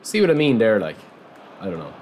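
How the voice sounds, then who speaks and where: Brisk and lowish-voiced, a man talks through his own football video game match against a noisy backdrop. His let's-play commentary is casual and chatty toward viewers, breaking into excited yelps and shouts whenever there's a goal.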